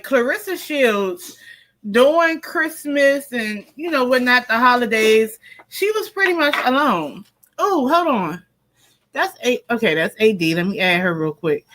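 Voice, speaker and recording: A woman's voice: fairly high pitch, a bit bright, poor audio. A woman hosting a casual live stream, talking straight to her viewers and to her pet. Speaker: tarot reader and live stream host. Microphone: computer or phone mic during a live stream.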